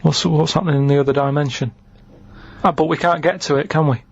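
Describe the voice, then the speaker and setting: A man speaking in a deadpan, puzzled tone, with blunt questions in casual podcast chat. His voice sits a little high. The recording is dull and lo-fi. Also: fast talker, gravelly, breathy edge. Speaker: co-host.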